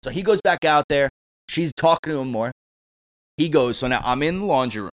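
A man's voice: fairly high pitch, fairly quick, no echo. A man co-hosting a casual talk show, telling a story with plenty of swearing and laughter, acting out others' lines in raised voices. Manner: animated, acts out quotes in raised voices; profane, laughs often. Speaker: podcast co-host.

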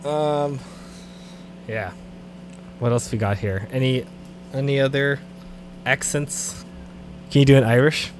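A man co-hosting a podcast in casual banter, joking and quick to laugh. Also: medium pitch, fairly even intonation, noisy background. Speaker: podcast co-host.

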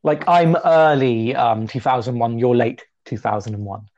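A man of twenty co-hosting a casual podcast chat, talkative and self-deprecating, his pitch often jumping up. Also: moderate pace, lo-fi sound. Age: 20s. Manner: chatty, self-deprecating, lively pitch jumps. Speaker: podcast co-host.

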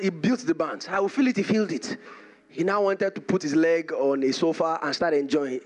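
Impassioned preacher, high and lively. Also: male voice, slightly rough. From Nigeria. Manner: impassioned preaching, repetition for emphasis. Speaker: pastor. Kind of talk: sermon. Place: church service.

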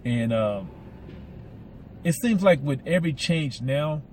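A man's voice: on the high side, lively intonation, slow pace. Southern-accented male podcast host, slight lisp, rambly and eager, street noise audible. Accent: Southern American. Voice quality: slight lisp from mouth aligners. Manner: rambling, repeats words, enthusiastic. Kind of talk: casual solo podcast monologue.

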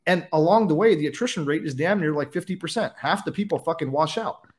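A former patrol officer speaks quickly and bluntly, his voice set a touch higher than most men's. He tells his stories in casual interview talk, full of swearing. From California. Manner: fast, blunt, profane storytelling. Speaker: podcast guest, former highway patrol officer.

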